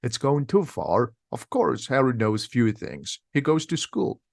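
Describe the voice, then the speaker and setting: A huge, gentle bearded giant from a storybook , voiced by a male reader. He booms with blunt, indignant warmth, his voice lifted and animated. The sound is dry and close to the mic. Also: a little slow, vocal fry, no room sound, exaggerated voice.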